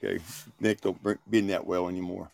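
An older man on a radio talk show, joking deadpan with boastful tall tales. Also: sits low, a little fast, vocal fry, no room sound. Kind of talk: casual radio show banter.

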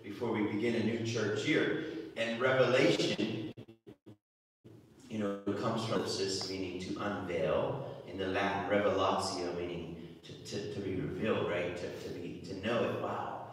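A man's voice: low voice, fairly even intonation, slight background noise. Conversational preacher man, echoey far-off church. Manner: conversational, halting with repeated words. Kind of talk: homily.

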